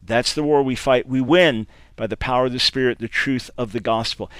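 Guy hosting a talk radio show, mid-pitched voice, forceful preachy delivery, lots of stammered restarts. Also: fairly quick, hardly any pauses, music in the background. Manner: emphatic, preacher-like, repeats key phrases. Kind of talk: talk radio commentary and answering listener email.

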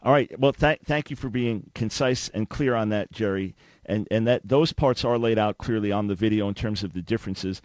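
A man's voice: lowish voice, normal speed, dry recording. Dry-voiced male radio host. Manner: interjecting, repeats words when starting a thought. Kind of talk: theological debate with a caller.

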